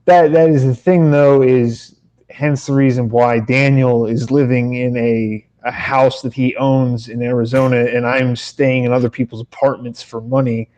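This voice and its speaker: A man's voice: mid-range voice, little pitch movement, moderate pace, a little mellow, dull audio. A man co-hosting a podcast in casual chat, telling rambling stories with lots of swearing and restarts. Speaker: podcast co-host.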